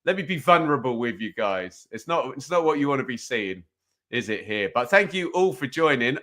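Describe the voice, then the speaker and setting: A man hosts a live football watch-along from a home streaming setup, talking into a desk microphone. His voice is bright and forward, and his pitch sits in a middle range. He chats loosely, reads out viewer comments and drifts into casual play-by-play. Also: expressive, normal speed.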